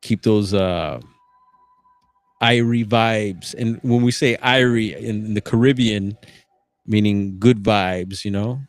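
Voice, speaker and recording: A man hosting a casual livestream, reading reports aloud with relaxed, musing asides. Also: on the low side, takes it slowly, no room sound. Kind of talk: casual live commentary.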